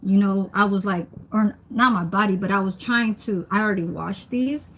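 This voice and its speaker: A woman's voice: mid-range voice, moderate pace, a bit bright. A young woman, chatting casually on a livestream while she cooks, reading comments and laughing often. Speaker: livestream host. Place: home kitchen.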